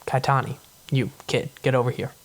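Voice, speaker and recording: A man's voice: medium pitch, steady tone, fairly quick, natural voice, low-quality recording. A man doing pushy, blunt cardinals. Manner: curt, insistent.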